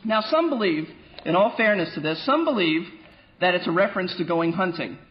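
Animated high-voiced man teaching scripture. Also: fairly quick, highs cut off. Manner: animated and wry, with playful asides. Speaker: pastor teaching a Bible class. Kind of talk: lively Bible teaching.

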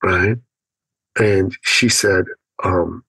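A man telling a personal story as a guest on an interview podcast, acting out his own thoughts with animated pitch. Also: normal speed, dry recording, poor audio. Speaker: podcast guest, business speaker.

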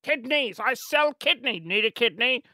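A man's voice: very high voice, lively intonation, normal speed, pushed and bright, no room sound, voice pushed up, full character voice. A man voicing a pushy, shady black-market kidney seller in a bouncy, raised voice for a comic bit on a podcast. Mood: hawking.

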